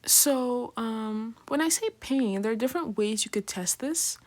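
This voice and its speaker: A woman's voice: fairly high pitch, expressive, unhurried. A woman teaching a casual lecture, chatty and full of fillers, often checking in with "right?". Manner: chatty, filler-heavy, keeps asking "right?"; acts out patients in slangy voices. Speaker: nursing lecturer.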